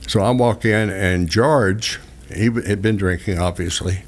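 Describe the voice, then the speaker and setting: A man's voice: on the low side, a little slow. An older man from southeast Texas, casually telling rambling, folksy stories as a radio host. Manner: folksy, rambling anecdotes with restarts and chuckles. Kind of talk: casual storytelling chat.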